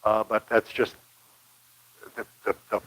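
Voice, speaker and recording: A man's voice: on the low side, flat delivery, unhurried, fairly bright tone, rough recording. An older man from Michigan giving a casual, rambling local history talk, folksy with many fillers. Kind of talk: casual lecture.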